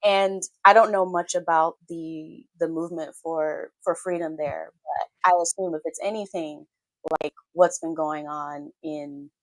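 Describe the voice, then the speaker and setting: A woman co-hosting a morning talk show breaks down the news in wry, casual political chat packed with fillers. Her low voice keeps a steady tone and measured pace in a dry recording.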